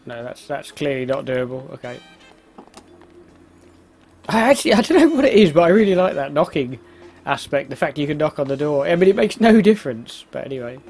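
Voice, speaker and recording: A man's voice: a little high, big pitch swings, a little fast, a little mellow, soft background music. A man giving casual, self-mocking commentary while playing a video game. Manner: chatty, exclaims at the game, laughs at himself. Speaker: let's play host.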